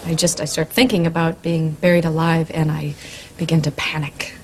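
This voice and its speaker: Hesitant, anxious patient. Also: female voice, deep voice, little pitch movement, moderate pace, a little mellow, a faint crowd, a little hiss or hum. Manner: hesitant, giggly. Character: nervous, anxious female patient. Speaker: patient in a comedy sketch. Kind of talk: sketch comedy acting.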